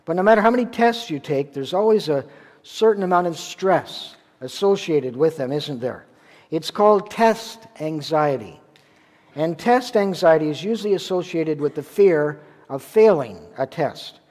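A pastor from Ontario, Canada, preaches a sermon in a church sanctuary, telling a story conversationally with rhetorical questions. His voice is on the high side and darkish, with lively intonation at a moderate pace, under a long church reverb.

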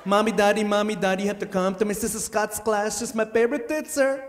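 A man's voice: high voice, steady tone, quick pace, slight background noise, close to an everyday voice. A man playing an eager young immigrant boy with a Filipino accent, pleading in a singsong, repetitive way on a comedy stage. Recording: echoey live stage, loud audience laughter.

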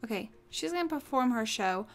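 A woman's voice: on the high side, animated, brisk. A young woman casually commenting on her own gameplay as a let's play host, often gasping and exclaiming.

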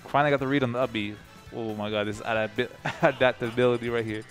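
A young man commentating a live video game tournament, excitable, laughing often and repeating himself, his voice tired and low. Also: fast. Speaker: esports commentator. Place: gaming tournament at a sports center. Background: music.

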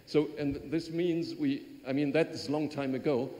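A man's voice: on the high side, steady tone, moderate pace, dark tone. A man, a visiting diplomat talking genially to a university audience in a public speech. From Germany. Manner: genial, conversational, with small repeats. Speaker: visiting diplomat giving a lecture. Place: large lecture hall. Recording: hall with long reverb.

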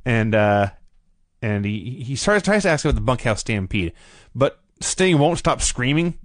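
A man co-hosting a podcast, reviewing old wrestling in casual, wry, animated chat. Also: mid-range voice, measured pace, no echo. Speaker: podcast co-host.

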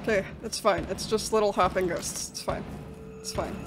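A woman's voice: medium pitch, steady tone, moderate pace. A young woman commenting on a horror game as she plays, jittery and panicky, breaking into nervous laughter. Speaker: gaming video host. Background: game music.

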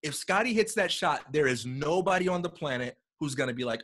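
A man talking as a guest in a casual conversation, animated and acting out quotes as he tells a story, heard over a video call. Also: fairly high pitch, moderate pace, few pauses. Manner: animated storyteller, acts out quotes, repeats words.

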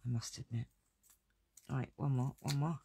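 A woman chats away while she makes a craft project, joking about herself and laughing often. Her voice has a lot of gravelly fry. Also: rumbling low, steady tone, moderate pace, background noise. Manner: chatty, self-deprecating, laughs often. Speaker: crafting video host. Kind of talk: casual live crafting chat with viewers.

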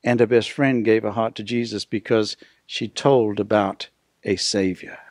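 An older man preaching a sermon as pastor, stretching out key words and dropping to a hush at the ends of phrases. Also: on the low side, steady tone, unhurried, no room sound, studio quality.

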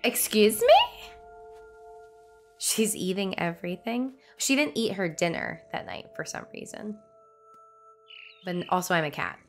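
A woman's voice: lowish voice, animated, moderate pace, a bit bright, soft background music. A young woman streamer reacting playfully while playing a story game, slipping into silly voices. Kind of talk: let's play commentary.

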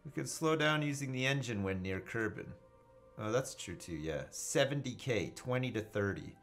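A man's voice: mid-range voice, animated, moderate pace, a bit bright, faint music behind. A man casually commenting on his own space game live, joking, swearing and thinking aloud as he reads chat. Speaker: gaming livestreamer.

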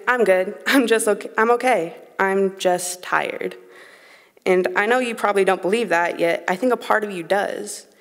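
A young woman in her late teens performing a spoken word poem on a concert hall stage, with an earnest, emotionally raw delivery. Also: medium pitch. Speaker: high school slam poet. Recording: long reverb of a concert hall.

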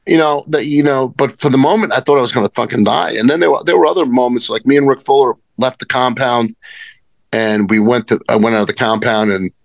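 A man's voice: mid-range voice, brisk, gravelly, no room sound. A man telling rambling, profane stories as a wrestling guest in casual conversation. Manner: rambling, profane, many restarts. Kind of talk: casual storytelling.

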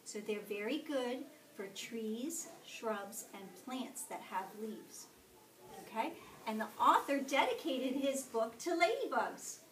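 A woman storyteller reads a picture book to young children at a slow, deliberate pace, expressive and often pausing to ask them questions. Her fairly high voice is caught from far off in an echoing classroom. Faint room noise sits underneath. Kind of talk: reading a picture book aloud to kindergartners.

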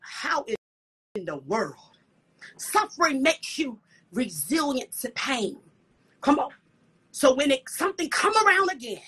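High, bright-voiced fervent woman preacher. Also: sing-song, measured pace, pauses often. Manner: breathy whispered asides, repeated "come on" and "hallelujah". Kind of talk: fervent sermon with prayer.

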